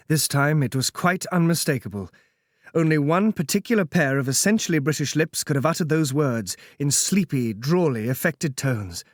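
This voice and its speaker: Male audiobook narrator: slightly high voice, measured solemn classic-novel reading, dry studio sound. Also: animated, dry recording.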